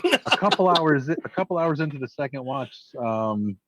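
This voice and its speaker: A man running a tabletop game as game master, narrating haltingly with many fillers. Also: on the high side, animated, very noisy.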